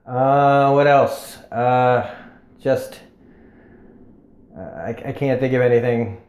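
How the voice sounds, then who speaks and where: A man's voice: mid-range voice, slow, a little mellow. A man casually reviewing a TV episode on camera, rambling and cursing, full of fillers like "you know". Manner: rambling, profane, with many fillers. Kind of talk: casual solo video review. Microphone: camera mic. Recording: roomy echo.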